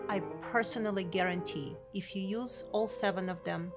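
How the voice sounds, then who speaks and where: A middle-aged woman teaching piano in a clear, demonstrative way, her voice sitting at an ordinary middle pitch. Piano playing rings out clearly behind her as she explains. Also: moderate pace, few pauses. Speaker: piano professor. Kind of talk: instructional video lesson.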